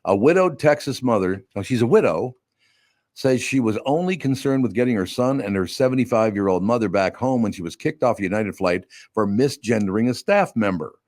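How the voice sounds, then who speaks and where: A man hosting a talk podcast, chatting casually in an opinionated, gruff way and sometimes reading a news story aloud. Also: lowish voice, expressive, fairly quick, darkish tone, no room sound, clean studio sound. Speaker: radio podcast host. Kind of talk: casual talk-show banter.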